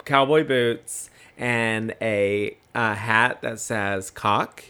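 A man's voice: on the low side, extremely slow, sharp tone, clear, resonant tone. A man co-hosting a podcast in a casual, playful, sassy chat, with lots of ums. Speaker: podcast co-host.

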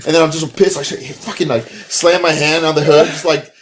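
A man's voice: a little high, steady tone, brisk, a little hiss or hum. A man telling a rowdy story in casual chat, swearing freely and laughing. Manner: profane, laughing, acts out shouted quotes.

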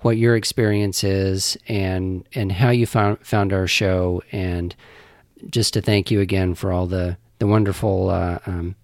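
A podcast co-host chatting casually, earnest and halting, often repeating words. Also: sits low, fairly even intonation, a little mellow, no echo.

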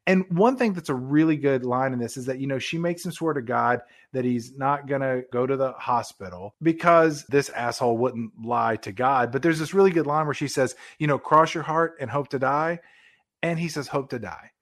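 Dude recapping a movie on a podcast, sarcastic and crude, regular voice. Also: male voice, medium pitch, normal speed, fairly bright tone. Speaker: podcast co-host. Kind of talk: casual movie-review banter.

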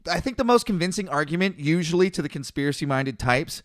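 A man's voice: a little high, animated, quick pace, dry recording, clean studio sound. A man hosting a podcast, chatting casually, amused and laid-back, swearing freely. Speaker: podcast host. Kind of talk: casual chat.

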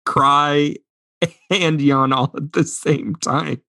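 A man's voice: a little high, very slow, no echo, studio quality. A man in his thirties co-hosting a podcast, chatting casually and acting out voices as he tells stories with plenty of laughs. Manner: animated storyteller, acts out voices, laughs often. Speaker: podcast co-host. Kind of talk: casual chat.

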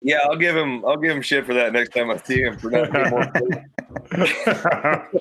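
A sharp, mid-range voice at a measured pace belongs to a podcast guest describing a hunt during a casual conversation. He vividly acts out quoted thoughts, loudly, into a studio mic; the recording is rough, with slight background noise.

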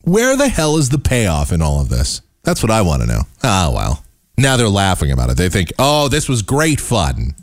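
A low-pitched American man hosting his own show, ranting with scorn. His pitch swings widely as he mocks what he hears. The sound is dry and close, with no room around him. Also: brisk, no echo. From United States. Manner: scornful, animated, mocks voices he dislikes. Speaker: podcast host and broadcaster. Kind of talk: ranting commentary.

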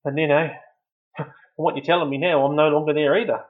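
A man's voice: on the high side, steady tone, fairly quick, phone-quality sound. A man chatting loosely as a guest on a comedy podcast, stammering now and then. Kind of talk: casual comedy chat.

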